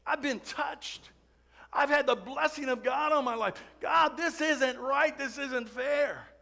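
A preacher acting out a pleading hunted David. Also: male voice, extremely high pitch, slow, vocal fry, sharp tone, voice pushed up, heavily acted. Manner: pleading, raised and urgent. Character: desperate young male king-to-be hiding in a cave.

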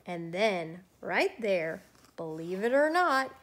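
A woman storyteller reading a rhyming children's picture book aloud with lively, rhythmic expression. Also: mid-range voice, slow, a little hiss or hum.

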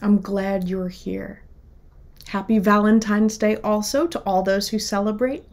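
A woman minister leads a worship service in an unhurried, measured voice. She speaks slowly and calmly, pausing between phrases. Her pitch sits in an ordinary middle range. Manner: slow, calm and measured. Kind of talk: sermon.

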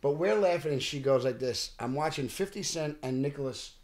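Animated man telling stories. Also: fairly high pitch, brisk. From Bensonhurst, Brooklyn, New York. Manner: animated, restarts often, acts out quotes. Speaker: actor guest. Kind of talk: casual podcast storytelling.

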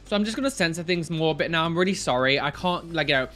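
A man hosting a reaction video, talking in an animated way with shocked outbursts and giggles, in a room of his new home. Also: on the high side, fast. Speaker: YouTube host reacting to tattoo fails. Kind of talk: reaction commentary.

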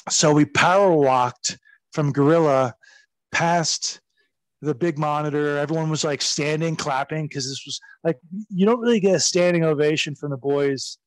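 A man telling backstage stories as a guest in a casual interview, animated and profane, laughing as he goes. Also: on the high side, moderate pace, no room sound. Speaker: guest recounting his wrestling career.

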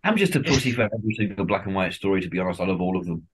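Brief: male co-host, lowish husky voice, animated pitch, blunt wry humour. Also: racing. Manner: opinionated, swears freely, wry asides. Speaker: podcast co-host. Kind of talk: casual chat.

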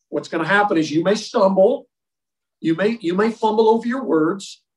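A man's voice: on the high side, distant mic. A man leading an informal faith lesson for a men's group. He is blunt and joking, and repeats key words for emphasis. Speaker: men's Bible study leader. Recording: roomy sound, speaker away from the mic.

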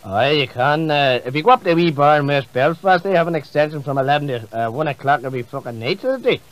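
A man with a Northern Irish accent voicing a boastful, crude politician who answers deadpan. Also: on the high side, fast talker, natural voice. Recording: muffled comedy CD.

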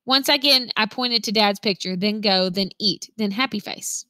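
A woman reading a novel aloud, telling the story in an expressive first-person voice. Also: mid-range voice, moderate pace, dry recording. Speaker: reader.

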